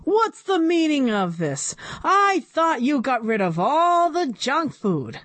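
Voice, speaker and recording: A woman reading aloud, voicing a blustering male school board president who shouts and demands answers. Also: medium pitch, sing-song, slow, breathy edge, no room sound, heavily acted. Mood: angry shouting.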